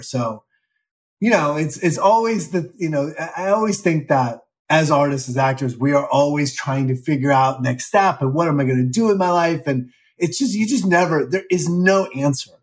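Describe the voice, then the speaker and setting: Candid rambling man in his fifties. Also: fairly high pitch. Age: 50s. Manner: candid, rambling, self-deprecating. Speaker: actor guest. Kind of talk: casual interview chat.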